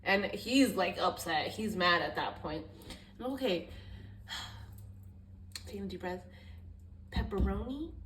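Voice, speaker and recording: A woman's voice: medium pitch, lively intonation, slow, pauses often, fairly bright tone. A young woman vlogger telling a rambling, candid story in a casual chat, swearing now and then. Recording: echoey room, voice a bit far off, faint background hiss.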